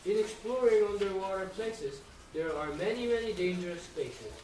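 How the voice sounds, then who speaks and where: A high school student reading a picture book aloud to young children, slow and careful, with sound effects. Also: lively intonation, a little mellow. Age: teens. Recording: echoey, distant, noisy.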